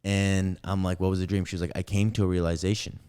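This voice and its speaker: On a podcast, a young man with a low voice rambles through a story at a fast, smooth clip. He animates the retelling by acting out what each person said.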